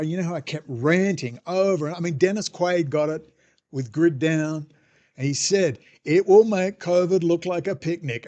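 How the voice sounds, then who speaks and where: A man's voice: on the high side, darkish tone. A man ranting sarcastically in a monologue as podcast host. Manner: irreverent, sarcastic, mocking voices.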